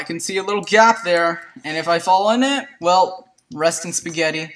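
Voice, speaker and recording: A gameplay commentator chatting to viewers in a let's play, excitable and prone to yelps and shrieks at surprises. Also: mid-range voice, normal speed, hardly any pauses, distant mic, rough recording. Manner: chatty, talks to viewers as "guys".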